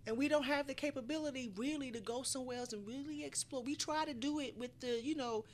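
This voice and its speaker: A middle-aged woman, a guest on a casual podcast, musing earnestly and slowing down to reflect. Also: sits high, a little hiss or hum. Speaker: guest, the host's mother. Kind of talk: casual round-table chat.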